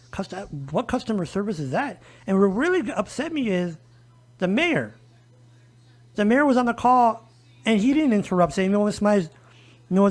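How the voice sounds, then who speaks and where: High-voiced man telling an animated story. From El Paso, Texas. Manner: animated storytelling, acts out quoted dialogue. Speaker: disability advocate guest. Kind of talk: casual podcast conversation.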